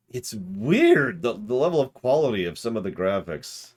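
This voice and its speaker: A man's voice: deep voice, sing-song, normal speed. A man streaming a video game, rambling and joking at himself as he plays. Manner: rambling, jokey, self-mocking. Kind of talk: let's-play commentary.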